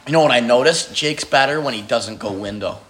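A man's voice: mid-range voice, a little fast, a crowd in the background. A young man co-hosting a casual podcast about his college team, telling stories with laughs and some swearing. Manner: animated storytelling, laughing, swearing. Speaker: college athlete podcast co-host. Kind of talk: casual chat.

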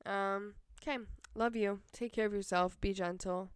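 Young woman vlogger, smooth clear voice, dry close sound, chatty and rambling. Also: medium pitch, steady tone, moderate pace, no echo. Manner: chatty, filler-heavy, laughs often. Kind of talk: rambling casual monologue.

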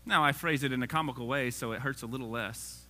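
A man's voice: medium pitch, fast, bright, forceful tone, a little hiss or hum. A man preaching a casual sermon, reading scripture aloud and joking with the congregation.

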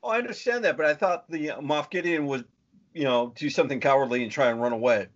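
A man's voice: on the high side, fast. A man in casual podcast chat, agreeable and hedging his points. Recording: dull lo-fi recording.

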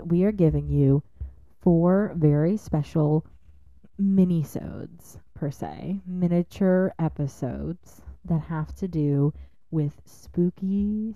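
A woman's voice: low voice, takes it slowly, mellow, no echo, lo-fi sound. A woman hosting a podcast, reading a scripted intro and drawing out key words. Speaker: podcast host.

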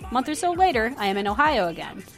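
A woman reading stories aloud on a casual podcast, playful and quick to laugh. Her voice sits a little high and swings widely as she talks. Faint music plays behind her. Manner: animated, laughs often, playful.

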